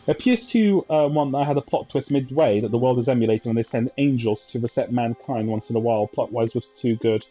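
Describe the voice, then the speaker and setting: Talking fast with few pauses, a gaming channel host rambles through nostalgic memories of gameplay, peppering his casual chat with fillers and side comments. His voice is mid-range, and the muffled recording has faint music in the background.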